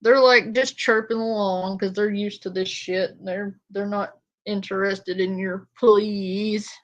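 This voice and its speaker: A woman's voice: medium pitch, steady tone, slow, muffled recording. A woman streamer giving casual, sarcastic commentary on a clip, blunt and swearing. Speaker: reaction streamer.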